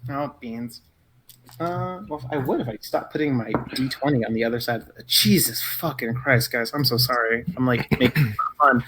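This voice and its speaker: A man's voice: mid-range voice, a bit bright, slight background noise. A man playing a tabletop game, chatting casually, flustered and joking. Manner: flustered, joking, quick asides. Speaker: player.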